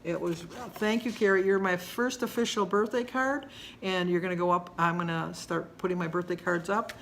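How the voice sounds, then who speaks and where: A woman's voice: on the low side, steady tone, normal speed, fairly bright tone, slight background noise. A woman in her sixties chatting casually to camera at home, rambling and homey in her delivery. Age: 60s. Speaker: vlogger.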